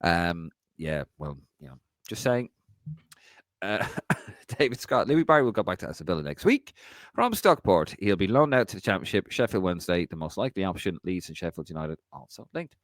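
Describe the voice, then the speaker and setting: A man hosts a casual podcast, reading out viewer comments with a chatty manner and frequent laughs. His voice sits low but swings widely in pitch. The sound is close and dry. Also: big pitch swings, fairly quick, no echo. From Ireland.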